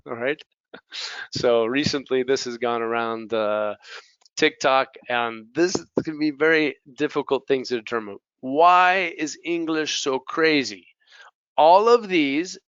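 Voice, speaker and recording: This is an American man giving a pronunciation lesson. He repeats words over and over to make each sound clear. His voice sits in the middle range and comes through a dry, slightly muffled recording. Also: mid-range voice, slow pace, a bit bright, no echo. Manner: switches between English and Spanish, repeats words to drill sounds. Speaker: English teacher.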